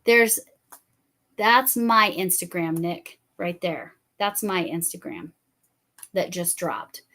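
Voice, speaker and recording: A woman's voice: lowish voice, slow, bright, forceful tone. A woman hosting a casual live stream, chatting and rambling with many fillers.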